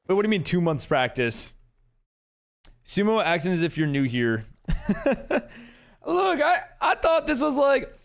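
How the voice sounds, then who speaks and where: A man streaming a game live, chatting casually with viewers and friends and reading chat aloud, laughing often. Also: high-pitched.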